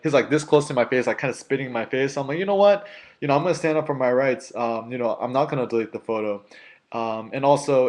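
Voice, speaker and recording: A young man, a street photography blogger, casually telling a story to his viewers and filling his talk with "you know" and "like". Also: mid-range voice. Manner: chatty, filler-heavy, animated when quoting others.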